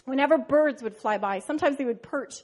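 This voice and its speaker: A woman's voice: high-pitched, fairly quick, a little mellow. A woman pastor preaching a sermon, praying earnestly and telling a story expressively.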